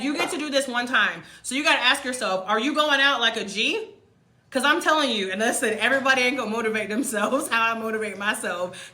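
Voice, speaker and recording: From a room in Mexico, this woman in her thirties livestreams to her followers with a motivational message. She speaks emphatically in a high-sitting, pushed, bright voice, repeats her points, and addresses viewers as "y'all," with a roomy sound to the recording.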